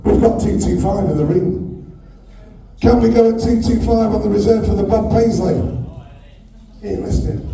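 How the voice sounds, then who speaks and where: A British man works a live auction in a big hall, calling bids and ribbing the crowd. His voice sits high and very dark, almost muffled. He is caught from far off, with heavy booming echo all around him. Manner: loud, joking banter with the crowd, pushing for bids. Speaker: charity auctioneer at a fan evening. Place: large echoey function hall with an audience.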